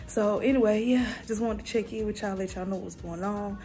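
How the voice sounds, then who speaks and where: A woman's voice: medium pitch, brisk, warm tone. A woman from North Carolina chatting casually with her viewers in a vlog, laid-back and full of slang. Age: adult mother. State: out of breath and tired. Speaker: vlogger.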